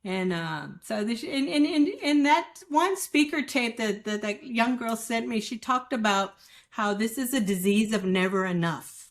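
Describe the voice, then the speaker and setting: A woman's voice: fairly high pitch, a little slow. A woman guest giving a candid, emotional account of her recovery, acting out the voices of people she quotes. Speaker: guest sharing recovery story. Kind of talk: candid personal testimony.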